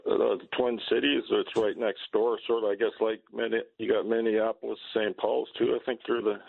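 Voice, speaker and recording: A man's voice: fairly low pitch, little pitch movement, moderate pace, vocal fry, no room sound. A man from Canada calling in to a radio show, easygoing and agreeable, a bit meandering. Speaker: caller. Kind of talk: call-in phone conversation. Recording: tinny phone line.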